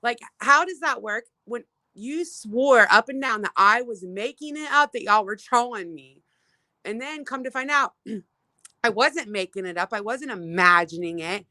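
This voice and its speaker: Bright-voiced woman venting on a livestream. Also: a little high, expressive, measured pace, no room sound, low-quality recording. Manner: exasperated, profane, frequent fillers and restarts. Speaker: livestream host. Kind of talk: casual livestream rant, greeting viewers. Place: outdoors.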